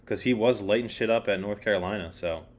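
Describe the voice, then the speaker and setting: A man's voice: fairly low pitch, quick pace. Young man rambling about football. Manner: rambling, frequent fillers and swearing. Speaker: podcast co-host. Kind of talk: casual sports chat.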